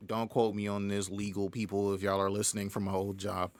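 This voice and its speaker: A young independent music artist tells a story in a casual interview, speaking briskly in a lowish voice. He is animated, laughs a lot, and acts out what other people said.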